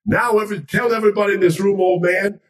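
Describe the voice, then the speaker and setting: A man impersonating a boastful male boxing champion who shouts and brags. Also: steady tone, fast, distant mic, natural voice. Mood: bragging. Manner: booming, bragging, shouting.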